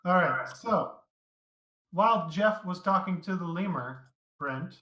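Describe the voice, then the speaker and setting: A man's voice: high voice, lively intonation, takes it slowly, bright, forceful tone, reverberant, lo-fi sound. A man narrating a tabletop game as game master, casual and loose, with lots of fillers.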